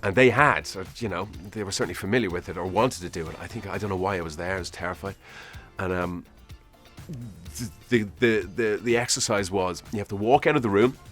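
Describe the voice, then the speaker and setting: A male actor in his forties answers interview prompts in a chatty, self-deprecating way, laughing at himself as he rambles through memories. His voice is deep and a bit bright, fairly quick, with soft music in the background.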